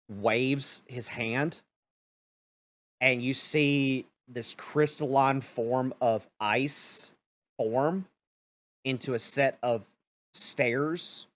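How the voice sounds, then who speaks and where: A man narrating as game master of a tabletop game, talking in an unhurried way full of fillers. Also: medium pitch, no room sound.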